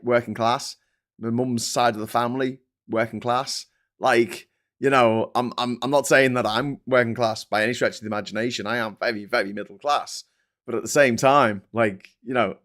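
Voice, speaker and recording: A middle-aged Englishman hosts a casual live-stream in a medium-pitched, fairly bright voice. He's chatty and restless, laughing often as he mocks trolls and critics.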